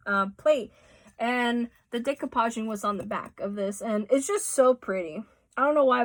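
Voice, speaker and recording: A woman vlogs casually from a room at home, showing off gifts with plenty of fillers and restarts in a show-and-tell style. Her voice is fairly high with a fairly bright tone, recorded on a phone with no room sound.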